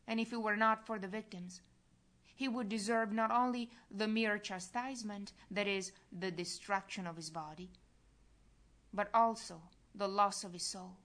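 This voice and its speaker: A woman giving a slow, solemn, earnest devotional reading. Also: mid-range voice, steady tone, a bit bright. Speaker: reader.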